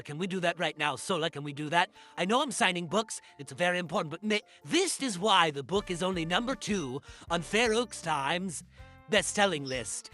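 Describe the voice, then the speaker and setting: A man's voice: high-pitched, bright, forceful tone, exaggerated voice. Chester Forrester, a man playing a vain bestselling author. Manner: boastful, indignant, self-important. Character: vain pompous male bestselling novelist, touchy. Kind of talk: comedic mock interview.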